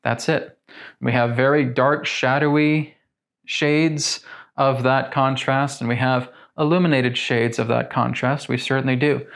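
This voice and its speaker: A man giving a spiritual teaching monologue, speaking slowly and deliberately and addressing his listeners as friends. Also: medium pitch, fairly even intonation, a bit bright.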